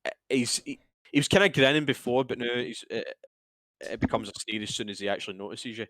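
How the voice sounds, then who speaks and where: Man, game master narration, halting with restarts, dry close sound. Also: on the low side, a bit bright, dry recording, rough recording. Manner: halting, swears freely, many restarts.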